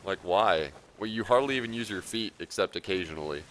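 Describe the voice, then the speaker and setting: A man casually commentating his game stream, relaxed and rambling, often chuckling as he talks. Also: low voice, fairly quick, a little hiss or hum.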